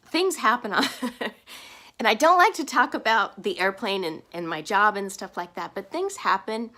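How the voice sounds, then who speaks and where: A woman's voice: medium pitch, sharp tone. A woman talking to camera in a personal vlog, earnest and heartfelt, speaking openly about her feelings. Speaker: vlogger.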